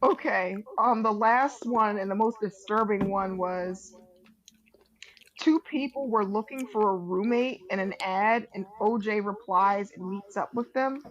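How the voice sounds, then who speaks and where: A woman's voice: mid-range voice, unhurried, highs cut off. A woman co-hosting a podcast, retelling stories in a loose casual chat full of fillers and giggles. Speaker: podcast co-host.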